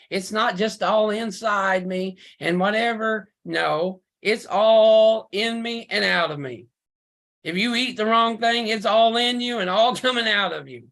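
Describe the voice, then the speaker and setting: Fiery man preaching over a video call. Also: high-pitched. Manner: emphatic, fiery, with rhetorical questions and sudden loud bursts.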